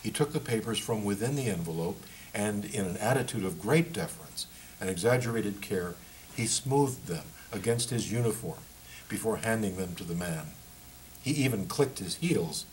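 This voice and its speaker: A man, the author, reading aloud from his book in a measured, steady way. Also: fairly low pitch, a little hiss or hum, rough recording.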